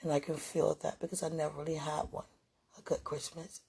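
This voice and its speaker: A woman speaks briskly in a low, creaky voice that barely moves in pitch, with a little hiss or hum in the background. She rambles warmly and emotionally to a viewer, mentions God often, and her soft speech fades at times to near-whispers.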